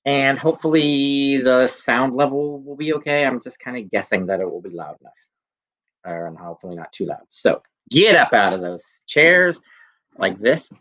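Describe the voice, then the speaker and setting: A male music teacher leading a recorded kindergarten class, speaking gently and encouragingly and singing simple children's songs. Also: mid-range voice, expressive, normal speed. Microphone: phone.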